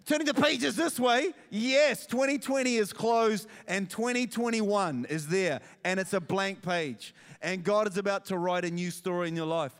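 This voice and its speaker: A man preaching a sermon as pastor, animated storytelling with self-deprecating asides. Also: sits high, moderate pace, few pauses, smooth, long reverb tail.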